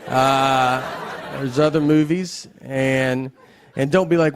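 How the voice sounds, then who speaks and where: A man performing a stand-up comedy set in a slow, deadpan drawl with wry pauses, recorded live. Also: medium pitch, noisy background. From American South. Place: live comedy venue with audience laughter.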